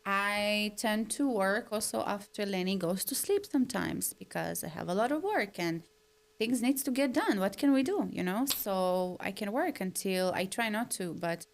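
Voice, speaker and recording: A woman chatting on a podcast, candid and self-deprecating, telling her stories in an animated way and acting out her own complaints. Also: mid-range voice. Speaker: podcast co-host. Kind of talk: casual podcast conversation.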